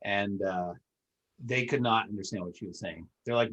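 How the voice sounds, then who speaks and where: A male podcast host chats casually in a loose, rambling interview style full of fillers. His voice is fairly low and a bit bright, at a normal speed, and the audio is poor.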